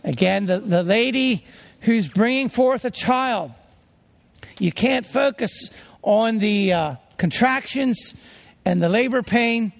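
A man's voice: high-pitched, takes it slowly. A man preaching a sermon as a traveling preacher, earnest and emphatic as he tells stories.

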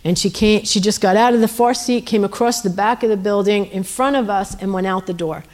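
A middle-aged woman minister tells testimony stories from the pulpit in a mid-pitched voice. She is animated, acting out dialogue as she goes and slowing down for emphasis on key lines. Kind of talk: testimony sermon storytelling.

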